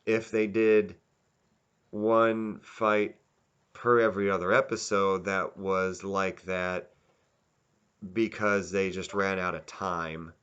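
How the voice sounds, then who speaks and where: Low bright-voiced man rambling a review. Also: flat delivery, slow pace, clear, resonant tone, dull audio. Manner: rambling, self-correcting, candid. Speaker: video reviewer. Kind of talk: casual spoken review.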